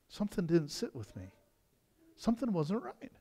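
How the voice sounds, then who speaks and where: A man pastor preaching in a church, his high voice leaping up and down in pitch. He talks in a loose, conversational way, restarting phrases and dropping from loud to hushed. The hall rings with a long reverb. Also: wildly swooping pitch, moderate pace, husky. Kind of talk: sermon. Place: church sanctuary.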